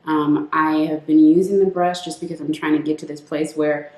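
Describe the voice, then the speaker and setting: A woman's voice: low voice, fairly even intonation, moderate pace, darkish tone, roomy sound. A woman beauty vlogger chatting playfully through a makeup routine, calling her viewers sis. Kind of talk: casual makeup tutorial chat.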